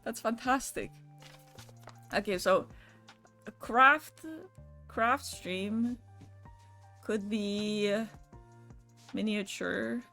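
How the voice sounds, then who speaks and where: A woman's voice: mid-range voice, fairly even intonation, drawn-out words, vocal fry, long pauses, pushed and bright, faint music behind. A young adult woman streaming live, chatting casually with her viewers, swearing lightly and laughing as she goes. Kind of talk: casual livestream chat with viewers.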